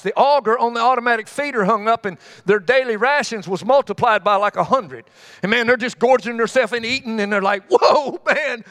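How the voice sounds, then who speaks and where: Telling homespun stories with quick calls to his congregation, this man delivers a folksy, conversational sermon. He has a very high, somewhat bright voice.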